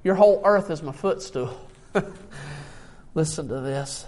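A man's voice: fairly high pitch, slow pace, darkish tone, a little hiss or hum. An older man preaching a sermon, emotional and tired, reading scripture aloud with rising emphasis. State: tired from little sleep.

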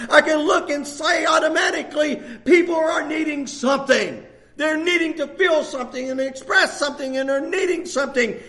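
An older man in his sixties preaches with a lilt. His voice sits very high for a man, and he pushes his points with fervent repetition, building to shouted emphasis. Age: 60s. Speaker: pastor. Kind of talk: sermon.

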